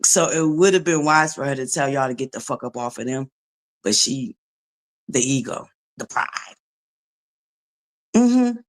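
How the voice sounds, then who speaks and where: A woman's voice: extremely low pitch, lively intonation, measured pace, long pauses. Sassy, profane woman streamer, drawling. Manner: sassy, profane, mocking, laughs often. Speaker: commentary channel host. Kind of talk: live-stream commentary chat.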